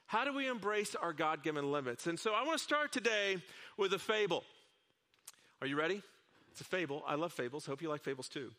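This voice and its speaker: A man's voice: a little high, lively intonation, a little fast, pushed and bright. A male pastor preaching a sermon in an earnest way, telling a fable with asides to the congregation.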